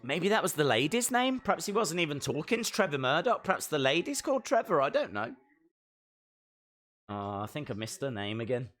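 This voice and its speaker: A man giving excitable, jokey live commentary while watching a show along with viewers. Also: a little high, a little fast. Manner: excitable, jokey, talks to himself. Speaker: live stream reactor.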